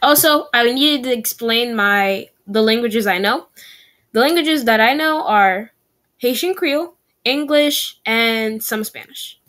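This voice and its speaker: Young woman vlogging, kinda high voice, chatty, keeps correcting herself out loud. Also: unhurried. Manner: chatty, self-correcting, repeats practice phrases aloud. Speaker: language-learning vlogger. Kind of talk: casual vlog chat.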